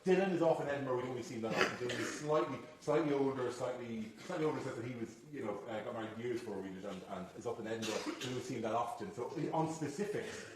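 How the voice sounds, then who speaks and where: Animated Irish comedian, echoey and far. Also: male voice, mid-range voice, very fast, few pauses. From Ireland. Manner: animated storyteller, swears freely. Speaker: comedian guest. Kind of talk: anecdotal chat. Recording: echoey room, far from the mic, loud noise.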